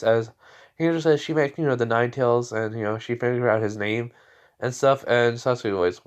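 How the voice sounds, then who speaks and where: A man's voice: medium pitch, steady tone, fairly quick, clean tone, lo-fi sound. A man improvising a fan story aloud, rambling and stopping and restarting as he goes. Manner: rambling, many fillers and restarts.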